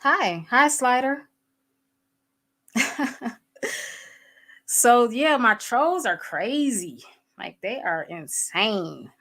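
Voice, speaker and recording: A woman's voice: fairly high pitch, lively intonation, drawn-out words, pauses often, a bit bright. A woman hosting a livestream, talking candidly to her viewers and greeting people in the chat as they arrive. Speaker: livestream host.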